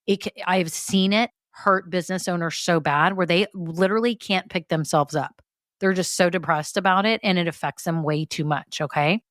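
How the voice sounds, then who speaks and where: Brief: woman host, candid and chatty, lowish voice, dry close mic. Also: normal speed, a bit bright, dry recording. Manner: chatty, candid, lots of fillers and tag questions. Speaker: podcast host. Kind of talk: solo business podcast talk.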